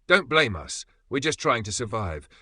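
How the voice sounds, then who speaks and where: A man's voice: mid-range voice, very animated, moderate pace, sharp tone, no room sound, exaggerated voice. A man voicing a scheming old homeless man who talks casually and without apology. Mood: sly. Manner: casual, unapologetic.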